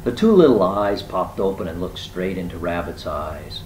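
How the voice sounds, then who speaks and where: A man's voice: lowish voice, normal speed, vocal fry, hardly any pauses, a little mellow, reverberant, a little hiss or hum, low-quality recording. A man reading a picture book aloud, with chatty asides to young listeners. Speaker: storyteller.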